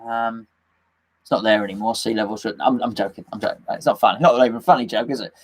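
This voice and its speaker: A man's voice: fairly low pitch, steady tone, quick pace. A middle-aged man hosting a casual live fan chat, rambling and jokey, with lots of fillers and restarts as he reads out comments.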